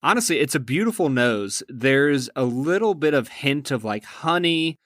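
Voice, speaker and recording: A man's voice: on the high side, lively intonation, normal speed, fairly bright tone, dry recording, clean studio sound. A man co-hosting a podcast, talking loosely and asking curious questions. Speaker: podcast co-host. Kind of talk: casual podcast chat.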